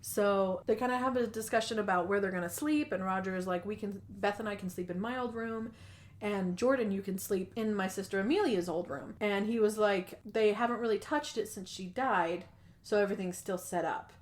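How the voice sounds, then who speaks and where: A woman's voice: medium pitch, a little fast. Chatty young woman retelling a movie plot. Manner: chatty, quotes characters in short acted lines. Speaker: podcast co-host.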